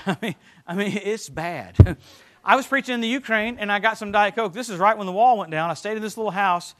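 A middle-aged man preaching a sermon, telling animated stories with laughter and sudden swings from loud to soft. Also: sits high.

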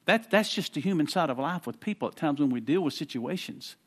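A man preaching to a congregation with a slightly high, very lively voice. He talks in a conversational way and repeats words as he goes. He drops quiet for explanation and rises fervent for emphasis. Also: brisk. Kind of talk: sermon.

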